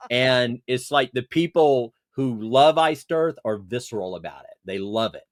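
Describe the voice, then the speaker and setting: A man speaking at an ordinary pitch, chatting loosely on a video call. His sound is dry and close, with no room around it. He wanders through his thoughts with plenty of fillers and restarts. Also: lively intonation, a little slow, no room sound. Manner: rambling, many fillers and restarts. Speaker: podcast guest. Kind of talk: casual video-call chat.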